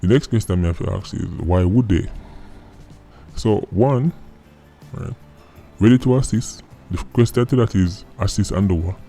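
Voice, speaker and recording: A man's voice: fairly low pitch, normal speed, warm tone. A man with a Jamaican accent hosting a political commentary vlog, sardonic and mocking, firing off rhetorical questions. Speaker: vlog host. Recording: faint background music.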